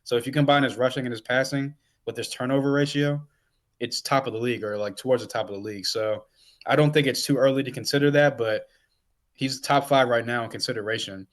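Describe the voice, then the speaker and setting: A man with an ordinary mid-range voice rambles through his answers on a sports podcast. He fills his speech with "like"s and "um"s while he thinks out loud. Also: mid-range voice, fairly even intonation, quick pace. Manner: rambling, many "like"s and fillers. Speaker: podcast co-host. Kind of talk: casual sports talk.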